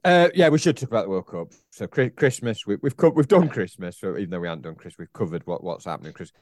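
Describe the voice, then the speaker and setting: A man's voice: fairly low pitch, very animated, quick pace, a little mellow, no room sound, clean studio sound. A man, co-hosting a podcast in casual, rambling chat and laughing often. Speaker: podcast co-host.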